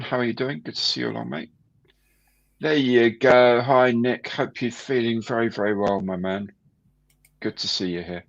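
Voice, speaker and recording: Gravelly-voiced man hosting a live stream. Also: mid-range voice, highs cut off. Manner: chatty, greets viewers warmly by name. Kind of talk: casual live stream chat.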